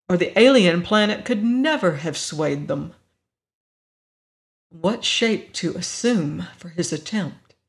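A narrator reading a science fiction story aloud in a measured, deliberate way. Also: medium pitch.

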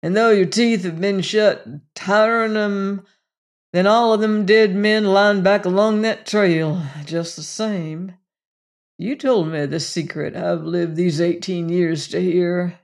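A reader voicing a weary, gray, gentle older male gunman in an audiobook, with a slow frontier drawl. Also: medium pitch, fairly even intonation, vocal fry. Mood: earnest. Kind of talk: audiobook reading.

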